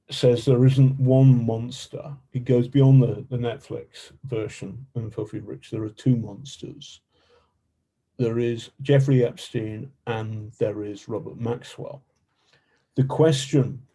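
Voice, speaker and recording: A man guesting as a journalist on a podcast, talking in a halting way with many fillers and restarts. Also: medium pitch, warm tone, breathy edge. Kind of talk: podcast interview.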